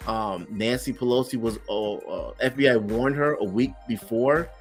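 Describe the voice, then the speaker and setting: A man's voice: mid-range voice, moderate pace, soft background music. A man co-hosting a podcast, talking casually and hesitantly, often restarting his sentences. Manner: hesitant, many fillers and restarts. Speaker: podcast co-host. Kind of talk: casual chat.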